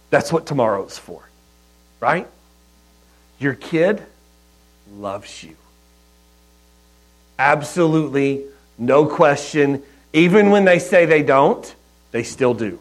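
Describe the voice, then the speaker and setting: A man preaching a sermon in a conversational, storytelling way, with soft asides. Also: mid-range voice, animated, slow pace, pauses often, rough recording. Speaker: pastor.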